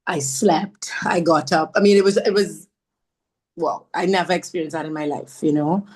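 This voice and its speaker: A woman from Trinidad, a podcast guest telling her story in an animated, self-mocking way. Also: lowish voice. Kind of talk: storytelling conversation.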